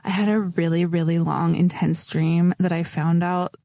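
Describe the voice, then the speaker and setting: A young woman co-hosting a podcast, telling stories in a chatty, animated way with frequent laughs. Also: lowish voice, moderate pace, dry recording. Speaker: podcast co-host. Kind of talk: casual chat.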